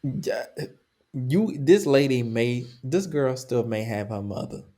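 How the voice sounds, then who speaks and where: A man co-hosting a podcast, chatting casually in an animated, rambling way, repeating points for emphasis. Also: mid-range voice, slow pace. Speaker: podcast co-host.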